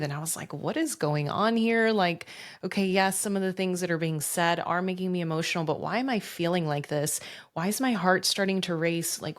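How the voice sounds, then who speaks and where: A woman in her thirties hosting a podcast, telling her own story in an earnest, reflective way with rhetorical questions. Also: low-pitched. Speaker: podcast host. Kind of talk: personal storytelling monologue.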